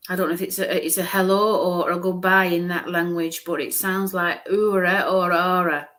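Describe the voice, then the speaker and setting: A woman's voice: fairly low pitch, flat delivery, normal speed, a bit bright. A woman medium giving a live-streamed psychic reading, musing aloud, hesitant, repeating sounds and letters.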